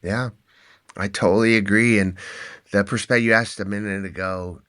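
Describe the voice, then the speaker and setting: A man, an endurance athlete and author, telling animated stories as a podcast guest and often restarting his words. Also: on the low side, normal speed, dry recording, studio quality. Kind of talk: conversational podcast storytelling.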